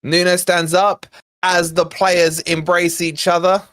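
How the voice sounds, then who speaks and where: A man's voice: sits high, flat delivery, a little slow, a bit bright, no room sound. A man hosting a football watch-along stream, chatting, joking and mildly swearing to viewers. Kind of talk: casual live-stream chat and commentary.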